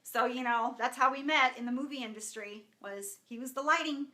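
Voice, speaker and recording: Woman, 30s, from Southern California, live-stream host, bright sharp tone, higher pitch, chatty, lots of fillers, emotional. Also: a little fast. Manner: chatty, greets viewers by name, many fillers; openly emotional, close to tears. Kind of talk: casual live-stream talk to viewers. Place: indoors at home with camera and lighting setup.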